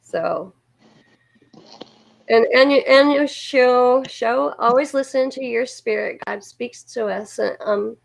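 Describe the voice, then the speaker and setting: Woman stream co-host, gravelly, earnest, repeats for comfort. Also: on the high side, takes it slowly, rough recording. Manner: earnest, encouraging, repeats herself. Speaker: livestream co-host. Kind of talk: casual supportive chat.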